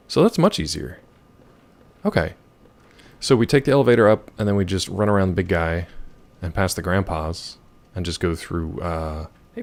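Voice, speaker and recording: A hoarse man chatting casually and joking with viewers while he plays a video game. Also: low-pitched. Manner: joking, rambling, chats with viewers. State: hoarse from yelling. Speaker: gaming streamer. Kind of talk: casual gameplay commentary.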